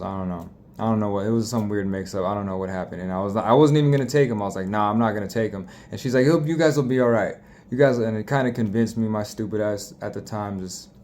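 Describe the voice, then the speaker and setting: Young guy with a lowish voice rambling thru a crash story, swears a lot, faint hiss behind. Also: darkish tone. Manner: profane, rambling, restarts often. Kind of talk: casual storytime monologue.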